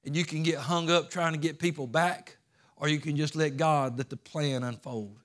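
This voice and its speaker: Folksy preaching pastor, high-pitched man. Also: steady tone, moderate pace, fairly bright tone. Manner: folksy preaching, rising to fervent calls. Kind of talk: sermon.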